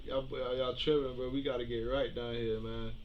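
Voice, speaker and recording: A young man from South Florida reacting to a clip in casual, profane commentary, jumping between shouting and mumbling. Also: mid-range voice, flat delivery, moderate pace, highs cut off, a little hiss or hum. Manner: hyped, profane, swings from yelling to muttering. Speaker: reaction video host.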